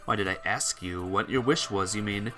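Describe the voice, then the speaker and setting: A man voicing a cold, scheming doctor who speaks slowly, calmly and condescendingly. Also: on the low side, soft background music, voice pushed down, natural voice. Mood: smug. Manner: slow, calm and condescending. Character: cold scheming male doctor, calm and smug.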